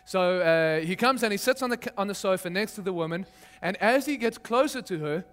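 A middle-aged pastor with a notably high voice delivers a sermon. He talks in an easy, conversational way and carries his points through stories and gentle humor. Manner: storytelling with humor, lively and conversational.

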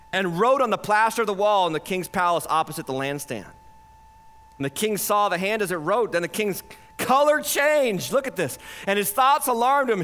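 A man preaching a sermon as pastor, animated, swinging between loud points and hushed asides, acting out quoted voices for effect. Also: high-pitched.

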